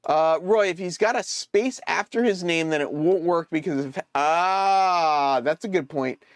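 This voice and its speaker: A man hosting a casual live stream, thinking aloud as he troubleshoots and answers viewers' chat with hesitant, halting phrasing. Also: a little high, clean tone, no echo. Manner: hesitant, many fillers and restarts.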